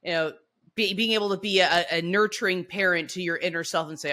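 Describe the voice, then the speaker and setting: A woman co-hosting a podcast, telling stories casually with lively restarts and frequent laughs. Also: fairly low pitch, brisk. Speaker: podcast co-host. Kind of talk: casual conversational storytelling.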